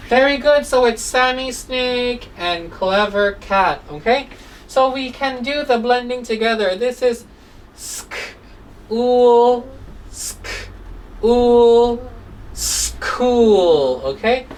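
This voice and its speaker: A woman teaching a phonics lesson to children, sounding out words slowly and asking "okay?" after nearly every line, coaxing and gently scolding. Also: fairly high pitch, distant mic, low-quality recording. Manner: slow, drawn-out sounds, repeats "okay?" often; coaxing, mildly scolding when children drift.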